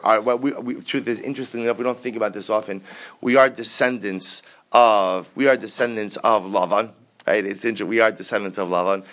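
A man leads a Talmud study lesson at a steady, middling pitch. He quotes each passage, translates it, and then works through it by repeating and rephrasing his points. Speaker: Talmud teacher.

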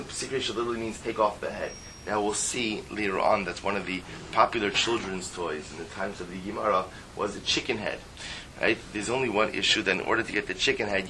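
A man's voice: lowish voice, sharp tone, a little hiss or hum, poor audio. A man teaching a Talmud class in English, explaining step by step with rhetorical questions and passages in a style.

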